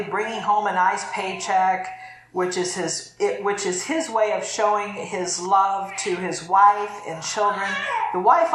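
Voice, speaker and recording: A middle-aged woman pastor delivers a chatty, conversational sermon in a church sanctuary, laughing easily. Her voice is mid-range and a bit bright, and the room sounds echoey.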